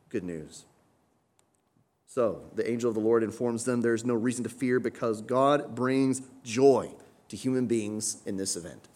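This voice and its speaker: A man with a lowish, slightly mellow voice preaches a sermon in a conversational, teaching style. He keeps tagging his points with "right?" and lifts his voice on key phrases for emphasis.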